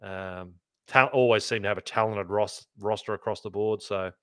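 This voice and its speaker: An Australian man co-hosts a sports podcast, speaking in a relaxed, mumbly way and cursing casually. His voice is fairly low and fairly even, at a normal speed, with a clear, resonant, fairly bright tone. The recording is studio quality with no room sound.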